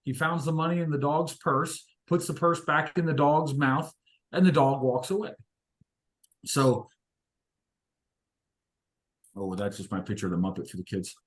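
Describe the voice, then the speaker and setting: A man's voice: a little high, a little slow, pauses often. A man leading an inspirational discussion, telling stories in a reflective, hesitant way with many fillers. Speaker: discussion leader. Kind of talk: inspirational talk with storytelling.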